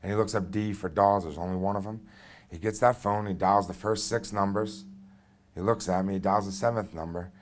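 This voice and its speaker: A man's voice: lowish voice, steady tone, fairly quick. A man in his thirties telling a personal story on stage into a microphone, conversational and blunt with frequent fillers. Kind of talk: live first-person storytelling.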